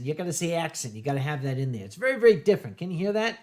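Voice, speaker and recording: A man's voice: high-pitched, sing-song. Wry middle-aged man telling stories. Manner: anecdotal, wry, drawn-out punchlines. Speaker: streamer host. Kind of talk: casual storytelling chat.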